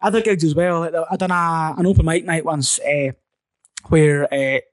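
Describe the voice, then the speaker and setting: A young man with a Highland Scottish accent, a comedian guest telling stage stories in casual podcast chat, energetic and animated with swearing and laughs. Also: normal speed.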